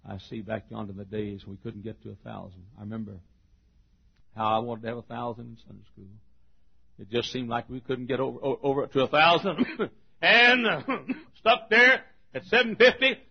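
A middle-aged pastor preaching a sermon, moving from quiet storytelling to loud, shouted preaching. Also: male voice, lowish voice, steady tone, brisk, vocal fry, husky. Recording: dull lo-fi sermon recording.

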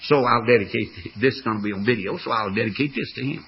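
An older man preaching a fervent storytelling sermon, with a raspy voice. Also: mid-range voice, quick pace, dull audio, slight background noise.

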